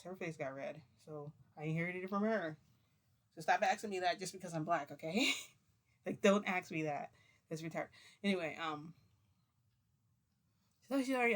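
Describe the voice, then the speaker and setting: A woman's voice: deep voice, normal speed, long pauses. A woman vlogger telling a story to camera in a rambling, chatty way, with fillers and laughs.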